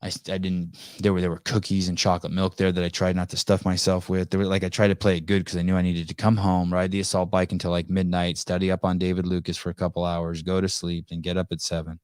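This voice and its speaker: Low-voiced man rambling on a podcast. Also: completely flat delivery, quick pace, hardly any pauses, a little mellow, smooth, no echo, clean studio sound. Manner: rambling, profane, many restarts and fillers. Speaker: podcast host. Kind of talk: casual live call-in chat.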